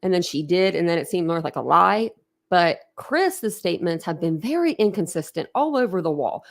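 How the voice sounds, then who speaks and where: A woman's voice: lowish voice, expressive, brisk, creaky. A young woman hosting a true crime channel who chats casually with her livestream viewers. She is emotional and talkative, laughs often, and trails off and restarts her sentences. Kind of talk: casual livestream chat, reacting to viewer comments.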